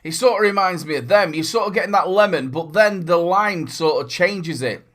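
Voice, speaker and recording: A cheerful man hosts a casual product review vlog, talking straight to his viewers. His voice sits slightly above the usual male pitch. He chats in a rambling, upbeat way and throws in playful asides as he goes. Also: moderate pace, fairly bright tone. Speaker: vape reviewer and channel host.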